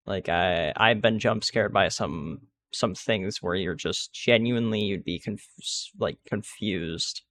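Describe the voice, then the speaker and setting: A man's voice: sits low, unhurried, hardly any pauses, fairly bright tone. A man giving casual gameplay commentary, rambling and restarting sentences with many fillers. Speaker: gaming video creator.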